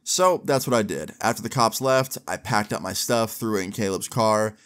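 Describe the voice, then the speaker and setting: A young man telling a story to camera in a casual, animated way, with slang and swearing, acting out what other people said. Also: fairly low pitch, moderate pace. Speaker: storyteller vlogger.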